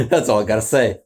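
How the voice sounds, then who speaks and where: A man's voice: mid-range voice, a little mellow, slightly rough. A man hosting a reaction video, talking in a loose, rambling way, asking incredulous questions and laughing often. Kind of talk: casual reaction commentary.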